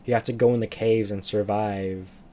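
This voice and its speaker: A man's voice: fairly low pitch, fairly even intonation, moderate pace, dark tone, slight background noise. A young man chatting on a livestream, rambling and losing his train of thought. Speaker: streamer. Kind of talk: casual livestream chat.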